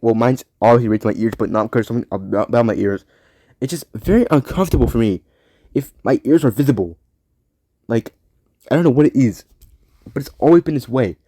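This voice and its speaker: A man's voice: medium pitch, warm tone, dry recording. A young man hosting a solo podcast, rambling and often correcting himself as he talks bluntly. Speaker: podcast host.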